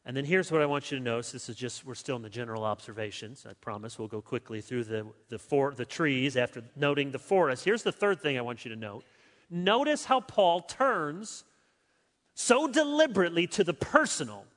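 A man preaching an expository sermon as a pastor. He talks emphatically, switches between quick stretches and slow, stressed words, and turns to his listeners with dry asides. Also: mid-range voice, expressive. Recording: long reverb of a large hall.

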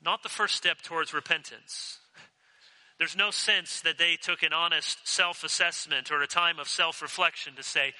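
A man's voice: on the high side, steady tone, normal speed, sharp tone. A man preaching an earnest, emphatic sermon as pastor, asking the congregation direct questions. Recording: long hall reverb.

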